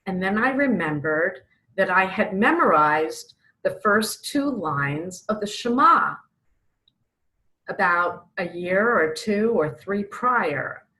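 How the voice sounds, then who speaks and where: A middle-aged woman from New York tells a personal faith story with earnest feeling. She speaks slowly and deliberately. Her voice is bright and forward, and her pitch sits in the middle. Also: expressive, poor audio. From Brooklyn, New York. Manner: earnest storytelling, acting out her own pleas. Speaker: author telling her story. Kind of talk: personal testimony.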